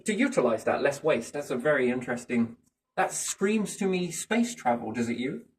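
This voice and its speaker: A man's voice: medium pitch, lively intonation, moderate pace. A man musing in a casual chat, rambling from thought to thought and often asking rhetorical questions. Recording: voice a bit far from the mic.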